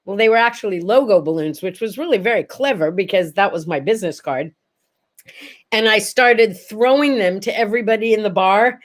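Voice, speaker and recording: An older woman hosting a casual morning chat, telling stories with lively energy and acting out the voices of the people in them. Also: medium pitch, a little fast. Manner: animated, acts out quoted voices in stories. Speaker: livestream host.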